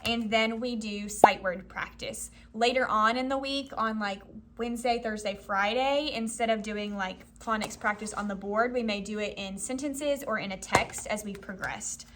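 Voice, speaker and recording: A woman's voice: medium pitch, normal speed, few pauses, a little hiss or hum. A young woman who teaches first grade, walking through a classroom lesson in a casual vlog and acting out her teacher talk. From Florida. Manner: acts out classroom dialogue in a bright teacher voice; loose and chatty, with many fillers.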